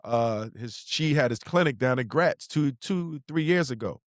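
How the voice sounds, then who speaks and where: A man's voice: mid-range voice, animated, a little slow, no echo, studio quality. A middle-aged man, telling slangy stories in a casual podcast chat as co-host. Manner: laid-back storyteller, slangy, acts out quotes.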